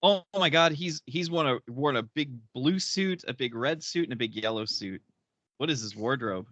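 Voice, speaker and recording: A man chatting casually as a podcast co-host, wry and quick to laugh. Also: mid-range voice, animated, fairly bright tone, no room sound. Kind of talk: casual chat.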